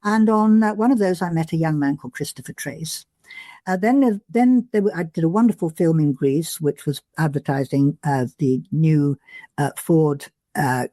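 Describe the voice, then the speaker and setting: An older woman with a mellow, well-spoken voice reminisces in a relaxed conversational way. Her stories come out full of small restarts and thoughtful ums. The sound is close and dry, with no room echo. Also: low-pitched. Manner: chatty storyteller with frequent restarts and ums. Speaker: podcast guest.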